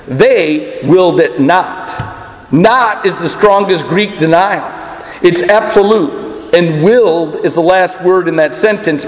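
Man, pastor, sermon, high voice, emphatic rhetorical delivery, echoey room with long reverb. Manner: emphatic, rhetorical questions, slow deliberate stresses.

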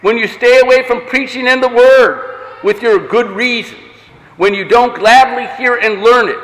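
A male pastor preaching a sermon in a deliberate cadence, slowing down to stress key words. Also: very high-pitched, fairly bright tone, big-room sound, rough recording.

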